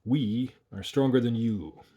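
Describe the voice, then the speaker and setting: A man's voice: medium pitch, measured pace, mellow, lo-fi sound, natural voice. A man voicing a bossy, blustering middle-aged village mayor with a coarse voice. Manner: blustering, commanding.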